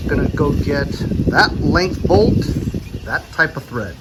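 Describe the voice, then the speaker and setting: A man's voice: a little high, expressive, unhurried, heavy background noise. A man vlogging in a casual, rambling way, laughing easily as he talks through his day outdoors. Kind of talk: casual chat.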